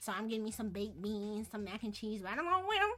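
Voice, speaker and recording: Bright, laughing young woman. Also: medium pitch, sing-song, quick pace, faint music behind. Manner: laughing storyteller, slangy and profane. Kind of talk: casual chat.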